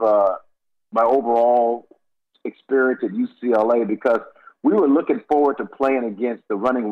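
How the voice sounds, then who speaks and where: Husky older man rambling on the radio. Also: mid-range voice. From Los Angeles. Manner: rambling, with frequent repeated words and restarts. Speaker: guest, former college basketball player. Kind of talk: casual radio interview storytelling. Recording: dull lo-fi radio audio.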